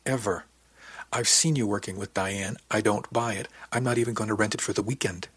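A man reading the part of a calm, wry woman section chief who coaxes and teases gently, in a low, husky voice. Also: brisk, no room sound. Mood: gently steady. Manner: gentle, steady, teasing.

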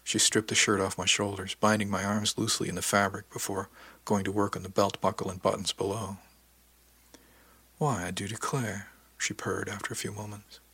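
Husky low-voiced man narrating. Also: fairly bright tone, no room sound. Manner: measured, intimate storytelling. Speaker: podcast audiobook narrator. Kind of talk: scripted first-person narration.

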